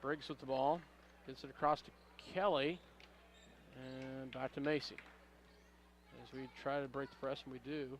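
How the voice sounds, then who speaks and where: A man announcing a high school basketball game play-by-play, calling passes quickly and rising on big plays. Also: steady tone, slight background noise. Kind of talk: local radio basketball commentary.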